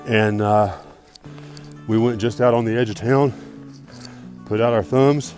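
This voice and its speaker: A man's voice: lowish voice, steady tone, a little slow, darkish tone, faint music behind, low-quality recording. A man talking to camera as a thru-hiker vlogger outdoors on a mountain trail, upbeat, grateful and chatty, recorded on a handheld phone. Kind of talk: casual outdoor vlog talk to camera.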